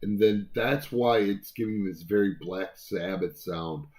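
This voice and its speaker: A man's voice: on the low side, a little slow, darkish tone. A man co-hosting a casual album review chat, talking in a rambling way with many fillers and restarts.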